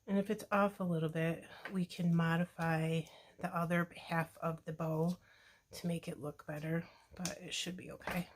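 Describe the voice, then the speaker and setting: Low-voiced woman chatting through a craft project. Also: normal speed, a little hiss or hum. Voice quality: relaxed, chatty, self-deprecating asides. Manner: talks to viewers while working with her hands. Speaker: crafting video host. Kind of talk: casual tutorial narration while crafting.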